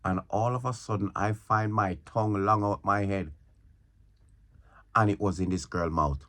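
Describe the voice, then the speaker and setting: A man's voice: fairly low pitch, steady tone, normal speed, fairly bright tone. A male comedian telling a rambling comic story in a casual way, repeating himself and stumbling over his words.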